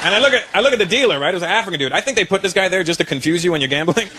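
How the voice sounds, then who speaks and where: A man from Canada doing live stand-up comedy, animated and punchy, bursting into shouted voices. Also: sits high, very fast. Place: comedy venue stage. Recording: live show, roaring crowd and noise.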